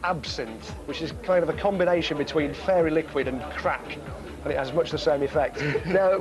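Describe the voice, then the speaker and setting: A man's voice: on the high side, lo-fi sound. A man hosting a comedy magic show, talking to camera and to passers-by in cheeky, chatty, joking street patter outdoors.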